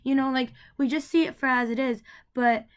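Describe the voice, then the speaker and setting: Speaking a little fast in a high voice with fairly even intonation, a young female vlogger vents to camera about her family. The personal rant is heated and meandering, packed with fillers and repeated words.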